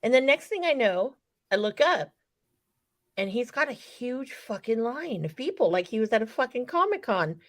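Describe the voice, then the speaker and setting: A woman's voice: fairly high pitch, very animated, normal speed, a bit bright. A woman in casual podcast chat, telling a story with profanity and acting out the quotes. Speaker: wrestling podcast co-host.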